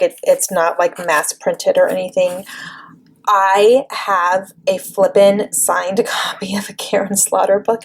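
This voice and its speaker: A woman vlogging about a new book at home, gushing and bubbling over with excitement. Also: medium pitch. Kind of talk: excited casual vlog. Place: home couch.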